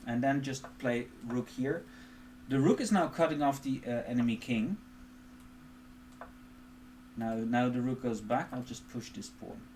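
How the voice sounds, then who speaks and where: A man's voice: medium pitch, steady tone, measured pace, long pauses, a little mellow, slight background noise. A man streaming chess, thinking aloud as he explains positions and moves, with dry self-mocking asides. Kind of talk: live chess commentary. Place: home streaming setup.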